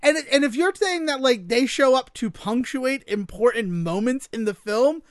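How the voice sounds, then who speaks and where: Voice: mid-range voice, expressive, normal speed, no room sound, clean studio sound. Wry co-host spinning mock theories. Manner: wry, spins mock theories, swears for emphasis. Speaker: podcast co-host. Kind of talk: casual film-review chat.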